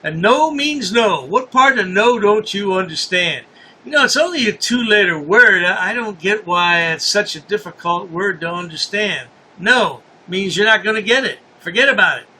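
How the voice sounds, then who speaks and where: Scornful high-voiced male commentator. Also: normal speed, sharp tone, husky. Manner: scornful, lecturing. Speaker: commentary host. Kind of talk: mocking commentary.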